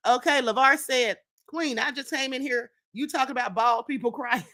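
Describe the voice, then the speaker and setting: Her high-pitched voice has a sharp tone and a moderate pace. Hosting a live stream, she goes through viewers' chat comments and talks casually and sassily, frequently addressing her audience as "honey" and "child."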